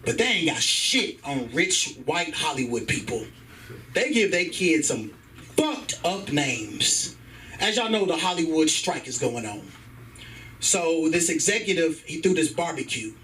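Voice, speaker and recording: A man doing stand-up at an open mic, his voice swinging widely in pitch as he tells a profane story and acts out the people in it. His throat is sore. He sounds distant from the mic in a comedy club, with a little background noise. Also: very animated, unhurried, pushed and bright.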